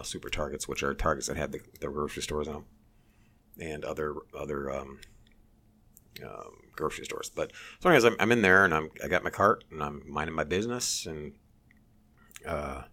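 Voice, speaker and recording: A man telling a story in casual chat, animated and swearing, mimicking others in a high voice.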